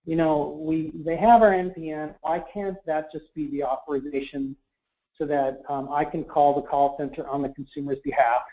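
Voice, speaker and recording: A man's voice: a little high, fairly even intonation, normal speed, warm tone. Hedging man on muffled webinar audio. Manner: careful, hedging explanations with many fillers. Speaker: government marketplace representative. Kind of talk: webinar Q&A answers.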